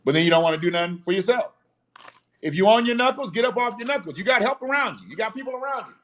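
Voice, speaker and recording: A man's voice: high voice, animated, quick pace, a bit bright. Blunt, profane man ranting on a live stream. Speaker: host of a live show.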